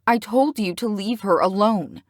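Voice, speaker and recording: A woman reading an audiobook, voicing a sharp, protective teenage girl who snaps at a boy she cannot stand. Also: medium pitch, measured pace, no room sound, studio quality, voice pushed up, close to an everyday voice. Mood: irritated. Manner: snappish, through gritted teeth.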